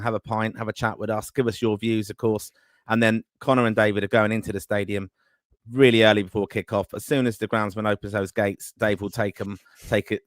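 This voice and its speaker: A man's voice: fairly low pitch, dry recording, clean studio sound. Man hosting a live fan podcast. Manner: upbeat, self-styled optimist, promotional patter. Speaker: podcast host.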